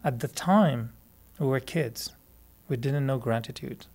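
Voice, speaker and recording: A man with a French Canadian accent, a native French speaker, teaching meditation in a relaxed, chatty way, laughing often and restarting sentences. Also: medium pitch, measured pace. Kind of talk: relaxed spoken talk to a group.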